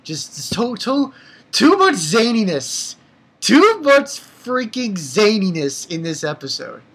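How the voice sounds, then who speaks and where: A young adult anime reviewer giving a casual episode recap, rambling and excitable and swearing freely. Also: mid-range voice, takes it slowly, husky.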